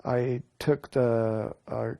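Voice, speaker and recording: A man's voice: mid-range voice, fairly even intonation, very slow, vocal fry, mellow. A man in a documentary interview, telling his story in an earnest, rambling way with frequent restarts. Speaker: interviewee recounting an experience.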